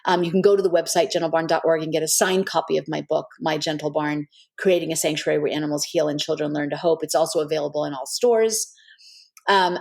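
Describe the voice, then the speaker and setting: A woman's voice: on the low side, a little mellow. A woman guest on a podcast, telling an earnest, heartfelt story with many "kind of" and "like" asides. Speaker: guest, animal intuitive.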